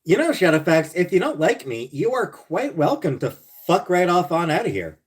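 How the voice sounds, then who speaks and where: A man's voice: sits high, big pitch swings, normal speed, slightly rough. Profane, sarcastic man ranting on a livestream. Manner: blunt and profane, swinging between mutters and loud rants. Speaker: livestream host. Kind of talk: casual livestream chat reading viewer comments.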